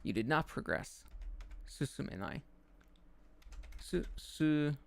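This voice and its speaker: A man streaming his language study, slowly repeating verb forms and muttering to himself at a desk mic. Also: fairly high pitch, big pitch swings, creaky. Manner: slow, repetitive drilling of words, muttering to himself. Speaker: VTuber streamer studying Japanese.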